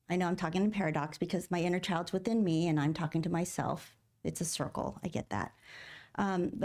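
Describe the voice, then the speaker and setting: In a church sanctuary, a middle-aged woman serving as guest minister delivers a sermon in a mid-range, darkish voice. Her style is conversational: she poses questions to the congregation and voices inner thoughts as quoted speech.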